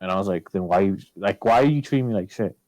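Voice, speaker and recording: A man with a lowish voice speaks quickly through a long personal story in relaxed podcast chat, swearing freely. His pitch jumps up when he quotes himself, and the low-quality recording is close and dry, with no room sound.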